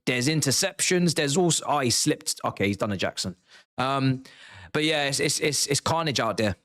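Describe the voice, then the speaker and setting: A man hosts a live football watchalong, reacting to the match with excitable slang and swinging from mumbled asides to shouted outbursts. His voice is mid-range and his pace moderate.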